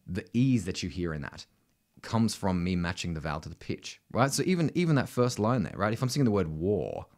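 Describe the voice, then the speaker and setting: Aussie male vocal coach, casual teaching style, animated delivery, keeps checking in with the listener. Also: low-pitched, fairly quick. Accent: Australian. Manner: conversational, constant "right?" tags, sings demonstrations. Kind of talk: casual instructional talk.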